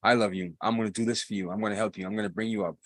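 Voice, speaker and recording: A man voicing a gentle, fatherly divine voice that speaks in a soft, reassuring way. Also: fairly low pitch, fairly even intonation, rapid-fire, no room sound, clean studio sound, pitched below the performer's own voice. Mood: tender.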